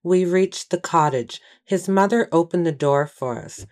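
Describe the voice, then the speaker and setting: A woman giving first-person audiobook narration in a steady, measured storytelling manner. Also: lowish voice.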